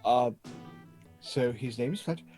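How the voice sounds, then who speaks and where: A man's voice: mid-range voice, a little slow, warm tone, breathy edge, soft background music. A man playing a tabletop game, joking and flirting playfully in character talk. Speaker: player.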